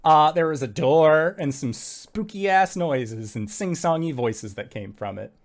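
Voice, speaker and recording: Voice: mid-range voice, animated, measured pace. A game master narrating a tabletop game in vivid, casual detail, peppered with "like" and the odd swear.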